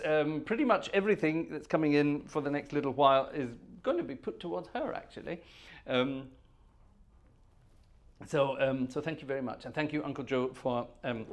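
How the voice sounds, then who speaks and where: A middle-aged British man with a posh accent, hosting a relaxed organ music livestream in a rambling, chatty way and chuckling at his own asides. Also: a little high. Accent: posh British English. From Britain. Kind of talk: casual livestream chat between organ pieces. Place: organ room.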